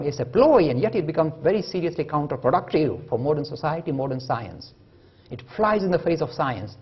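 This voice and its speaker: A man giving an animated public lecture, telling stories and acting out the voices of the people in them. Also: on the high side, creaky, slightly rough, muffled recording. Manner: lively storytelling, acting out quoted voices. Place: lecture hall.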